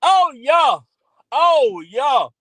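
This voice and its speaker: A man hosting a livestream, hyping up his chat with loud, repetitive shout-outs. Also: very high voice, very animated, extremely slow, no echo, poor audio. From Texas by way of Louisiana. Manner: hyped, repetitive, calls out to chat. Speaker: livestream host.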